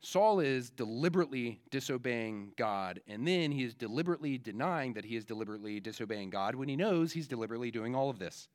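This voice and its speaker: A man's voice: medium pitch, animated, quick pace, few pauses. Casual-sounding man preaching a sermon. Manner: casual, with frequent fillers and restarts. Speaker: pastor. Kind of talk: conversational sermon.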